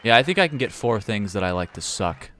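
A man's voice: fairly low pitch, sing-song, a little fast, fairly bright tone, some chatter behind. A swearing, exasperated male streamer. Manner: profane, ranting, exasperated. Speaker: streamer playing a game show. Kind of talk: live gameplay commentary.

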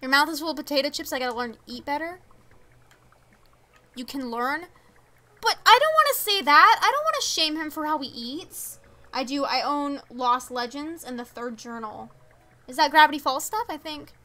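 Teen girl streamer, high bright voice, chatty, reads chat and reacts to game characters. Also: lively intonation, normal speed. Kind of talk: casual live-stream chat while gaming.

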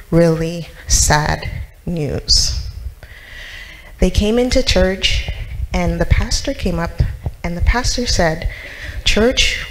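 Storyteller woman for kids in church, mid-pitched, keeps quizzing the children. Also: a little hiss or hum, low-quality recording. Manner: asks the children questions, acts out characters.

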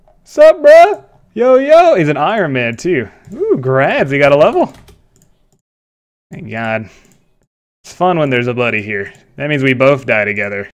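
A young man giving live commentary on his own gameplay, excitable, laughing often and swearing. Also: mid-range voice, moderate pace, long pauses. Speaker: gaming YouTuber.

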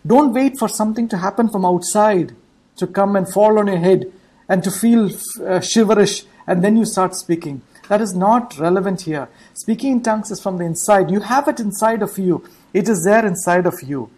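A woman's voice: medium pitch, dark tone, poor audio. A woman preaching an online church sermon, repeating her points and checking in with the listeners through rhetorical questions.

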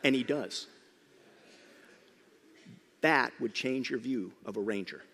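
A middle-aged man preaching a sermon, telling the story with lively emphasis, sometimes loud and sometimes hushed. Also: mid-range voice, takes it slowly, slight background noise. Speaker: pastor. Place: church sanctuary. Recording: church hall reverb.

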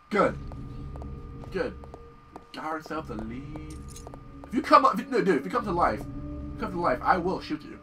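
A man casually commentating on a horror video game as he plays, excitable and swearing often. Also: on the high side, normal speed, pauses often, distant mic, slight background noise. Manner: excitable, profane, yells at the game. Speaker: gameplay commentator. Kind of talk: casual let's-play commentary.

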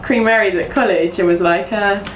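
A young woman from England, a former athlete, retells her career in a casual interview, speaking in a mid-range voice with fairly even intonation at a moderate pace. She often restarts and quotes speech. Her voice comes from far off in an echoey room with faint room noise.

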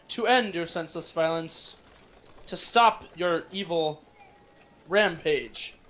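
A man voicing a small, vengeful man in red robes who loudly accuses people of villainy. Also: high voice, a little hiss or hum. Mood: wrathful. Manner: declaiming, self-righteous accusations.

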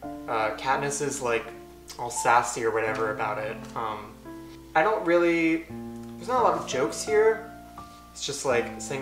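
A young man reads aloud from his childhood script and picks it apart with deadpan, self-mocking asides. His voice rings in a roomy space. Music plays clearly underneath. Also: medium pitch, unhurried. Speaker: YouTuber. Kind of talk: casual reading and commentary.

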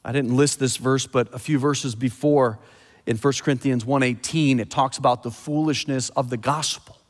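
A man preaching a sermon as pastor, with animated delivery, scripture readings and asides. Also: mid-range voice, normal speed. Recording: long hall reverb.

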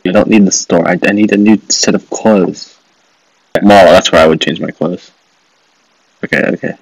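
A man's voice: low-pitched, fairly even intonation, moderate pace, creaky, no echo, poor audio. A man hosting a gaming video, commenting with sarcastic jokes and frequent laughter while he plays a mobile game. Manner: joking, sarcastic, swears, laughs often.

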